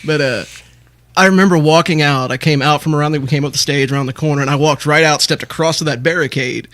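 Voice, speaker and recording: A man's voice: a little high, fast, fairly bright tone, no echo. A man as a podcast guest, a guitarist reminiscing in easygoing casual chat with some stammering restarts.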